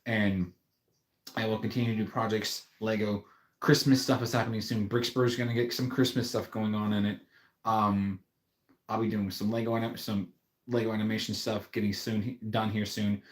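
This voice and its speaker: A man with a fairly low voice chats casually on his own livestream, rambling in a friendly way. His voice bounces around an echoey room. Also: flat delivery, normal speed. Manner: rambling, friendly, with fillers and restarts. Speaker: YouTube livestream host.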